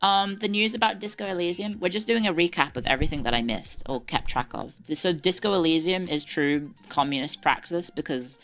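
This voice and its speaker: Chatty, lower-voiced woman streamer. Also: brisk, few pauses, fairly bright tone, faint music behind. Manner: chatty, swears, laughs often. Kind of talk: casual live-stream chat. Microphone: desk mic with earbuds.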